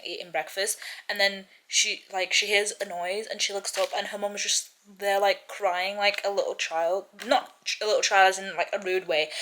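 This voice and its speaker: A woman's voice: mid-range voice, bright, forceful tone, poor audio. A young woman talking casually to her camera in a reading vlog. She rambles in a chatty way and gets emotional about the book. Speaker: book vlogger.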